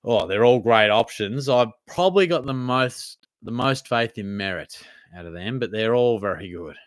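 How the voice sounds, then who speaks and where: A young Australian man chats casually as he answers viewer questions one after another. His voice sits at an ordinary pitch and sounds close and dry, with no room around it. He talks in an easygoing, slangy way. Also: lively intonation, moderate pace, dry recording. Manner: laid-back, chatty, slangy. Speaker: host. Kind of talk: casual live Q&A chat.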